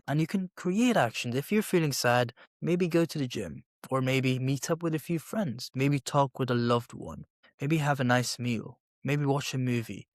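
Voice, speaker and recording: A man's voice: medium pitch, dry recording, studio quality. A man hosting a solo podcast, explaining step by step and repeating his points with everyday examples. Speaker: podcast host.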